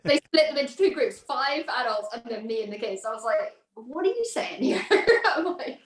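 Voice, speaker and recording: A woman's voice: fairly high pitch, normal speed, recorded from a distance. Laughing woman, roomy echo. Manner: lively storytelling, frequent laughter. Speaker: violinist and violin teacher. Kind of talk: casual chat.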